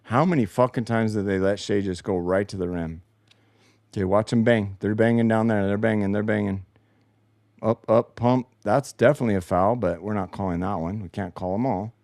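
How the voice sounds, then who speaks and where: His voice is on the low side and darkish, delivered at a moderate pace in clean studio sound with no echo. As host of a post-game show out of his home basement, he reviews replays with sarcastic, exasperated commentary full of swearing.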